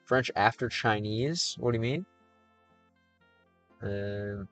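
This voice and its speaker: A man's voice: fairly low pitch, takes it slowly, long pauses, a bit bright, highs cut off, soft background music. An American man livestreaming and chatting casually with viewers, reading their questions aloud. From United States.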